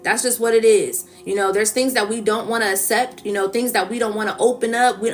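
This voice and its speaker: A woman's voice: a little high, brisk, soft background music. A woman giving a spiritual collective reading in a casual, coaxing manner, often checking in with "okay?" and "right?". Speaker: tarot reader.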